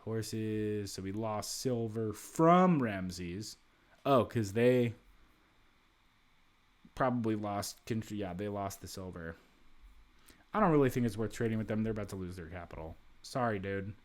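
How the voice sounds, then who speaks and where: A man's voice: lowish voice, animated, a little slow, pauses often. A man giving casual let's-play commentary while playing a strategy game, thinking aloud with frequent restarts and asides.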